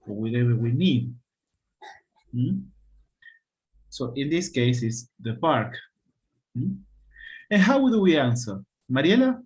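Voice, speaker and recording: A man's voice: mid-range voice, darkish tone. A man teaching an online English class, who speaks patiently and checks in with his students with a questioning "hmm?".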